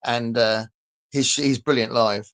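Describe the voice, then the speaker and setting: A man's voice: mid-range voice, fairly even intonation, slow, a bit bright. Chatty man with a southern English accent. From southern England. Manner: chatty, rambling, answers viewer comments, laughs often. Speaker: livestream host reading comments. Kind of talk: casual chat.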